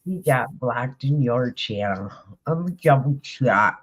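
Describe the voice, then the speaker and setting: A livestream co-host in a casual panel chat, speaking hesitantly with pauses and fillers. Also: medium pitch, lively intonation, fairly bright tone, breathy edge.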